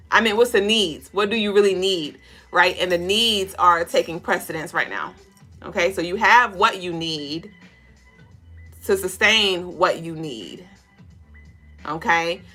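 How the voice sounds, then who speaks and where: A woman hosting a casual spiritual reading livestream, talking straight to viewers in a loose, profane, animated way. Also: fairly low pitch. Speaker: spiritual reader and co-host.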